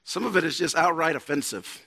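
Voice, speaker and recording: A man's voice: a little high, fairly quick, sharp tone. A man in his thirties preaching a conversational sermon as a pastor, building up to emphatic peaks. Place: church sanctuary. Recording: long church hall reverb.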